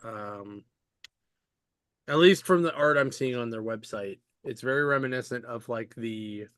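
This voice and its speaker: This podcast host speaks unhurriedly in a mid-range voice that's slightly bright, clear and resonant. He rambles in casual conversation, dropping lots of fillers and a swear now and then. There's no room sound, and the quality is studio-grade.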